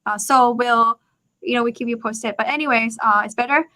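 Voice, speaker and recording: A woman whose first language is Thai, teaching tones to a student over a video call, patient and coaching, with sudden high jumps in her demonstrations. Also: steady tone, moderate pace, pushed and bright. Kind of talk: live online lesson.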